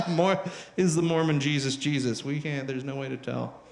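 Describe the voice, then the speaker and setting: A man doing stand-up comedy on a club stage, profane and animated, who sometimes shouts at the crowd. His voice sits high and bright. The recording has a roomy, echoing sound with faint ambience behind it. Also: a little slow, gravelly, slight background noise. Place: live comedy venue on stage.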